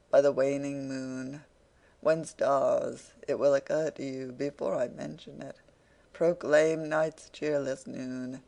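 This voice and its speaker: A man's voice: mid-range voice, gravelly, dark tone. A man reading an audiobook, voicing a sly, pompous older man with a florid, ingratiating, theatrical delivery.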